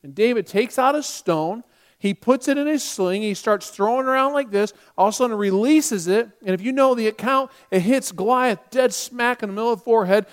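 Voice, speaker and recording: High-voiced preacher telling a story. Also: male voice, brisk. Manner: animated retelling with quoted dialogue. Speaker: pastor. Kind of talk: sermon storytelling.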